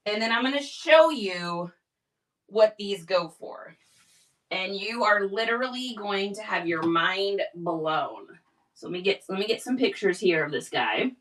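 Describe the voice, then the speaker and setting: A woman's voice: medium pitch, bright, forceful tone. A middle-aged woman hosting a live reselling stream, chatting casually with lots of energy and enthusiastic tangents. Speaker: livestream reseller host. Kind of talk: casual livestream chat.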